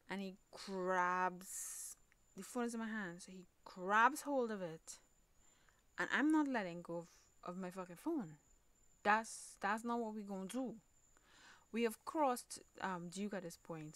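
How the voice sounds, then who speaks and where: A woman with a Trinidadian accent hosting a podcast, telling a personal story in a halting way, repeating words, swearing and sometimes dropping almost to a whisper. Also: mid-range voice, fairly bright tone, no room sound. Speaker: podcast host.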